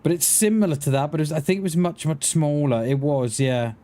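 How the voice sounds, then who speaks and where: A man's voice: fairly high pitch, fairly quick, warm tone. A man streaming a survival game, chatting casually with his viewers in a rambling way, often restarting his words. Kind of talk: casual livestream chat while gaming.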